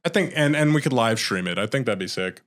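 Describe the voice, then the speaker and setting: A man's voice: medium pitch, animated, fast, a bit bright. A young man from the United States, a podcast guest in casual chat, rambling with restarts and frequent laughs.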